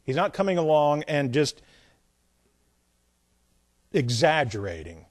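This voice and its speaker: A man teaching a Bible lesson as a pastor, emphatic, repeating phrases and swinging between loud points and quiet asides. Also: on the high side, big pitch swings, slow pace, no room sound, clean studio sound.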